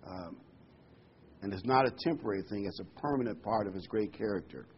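A man's voice: on the low side, expressive, brisk, muffled recording, a little hiss or hum. A man giving a sermon, earnest and emphatic, repeating key words and reading scripture aloud. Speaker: preacher.

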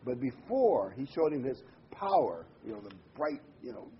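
A man's voice: mid-range voice, sing-song, normal speed. Man preaching a conversational sermon. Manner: conversational, leads the congregation in call-and-response. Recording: dull lo-fi recording with faint hiss.

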